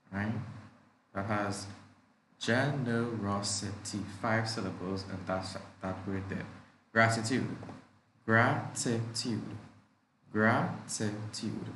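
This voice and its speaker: A low-voiced male teacher taking his time over every word and saying each one twice for young learners. His patient explaining rings out in an echoey room. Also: a little hiss or hum. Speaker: primary school teacher. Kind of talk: live online class teaching.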